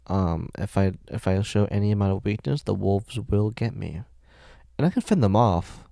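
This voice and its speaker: A man's voice: on the low side, moderate pace, vocal fry, dark tone, no room sound, clean studio sound. A sleepy man hosting a solo podcast, rambling and making jokes at his own expense. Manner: rambling, jokey, self-mocking. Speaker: podcast host.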